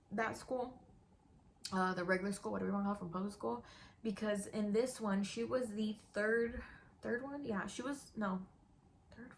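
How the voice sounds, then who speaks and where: A woman's voice: a little high, slight background noise. A young woman and YouTuber telling a storytime in a casual, candid way, dropping "like" and "girl" often. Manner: chatty, candid, with frequent "like" and "girl".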